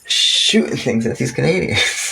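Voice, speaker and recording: A man's voice: a little slow, gravelly, slightly rough, low-quality recording. A man casually retelling history with crude jokes, laughing between points and jumping into quoted voices. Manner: animated, acts out quoted voices with sudden high pitch jumps.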